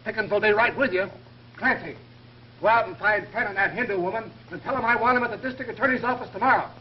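A man's voice: sits high, fast, natural voice. An actor playing a brash, wisecracking police inspector who talks in brusque tough-guy banter, in a 1930s film. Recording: dull, hissy 1930s film soundtrack.

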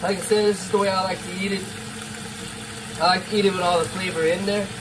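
Middle-aged male vlogger, high voice, laid-back and savoring, faint outdoor hiss behind. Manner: relaxed, savoring food with drawn-out mms. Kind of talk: casual cooking vlog talk. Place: outdoors at a campsite.

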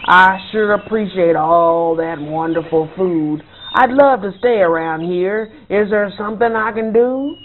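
A woman's voice: medium pitch, unhurried, few pauses, slight background noise, natural voice. A woman voicing a greedy, demanding male ghost who roars for more food in a storybook reading. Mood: contented. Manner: roaring, bellowing demands. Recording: tinny phone-like sound, faint music.

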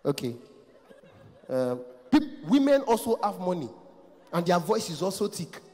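A man in his thirties with a Nigerian accent doing loud, teasing stand-up crowd work on a big concert stage. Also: sits high, unhurried. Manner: loud, animated, teasing, laughs often. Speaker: stand-up comedian. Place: large concert hall stage. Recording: echoey hall, live stage.

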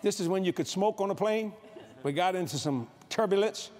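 A man's voice: high voice, fairly quick, darkish tone. A middle-aged man preaching a humorous sermon on a convention stage, acting out scenes with sound effects. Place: convention stage before a live audience.

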